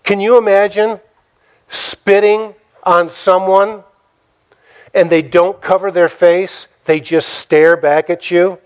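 Dramatic preaching man, higher voice. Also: flat delivery, slow pace. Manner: dramatic, rhetorical questions, acts out quotes. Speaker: pastor. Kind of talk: sermon.

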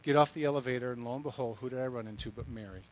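A man's voice: medium pitch, rapid-fire, poor audio. A middle-aged man giving a sermon, telling stories in a conversational way with blunt asides. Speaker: speaker addressing young women. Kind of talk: sermon with storytelling.

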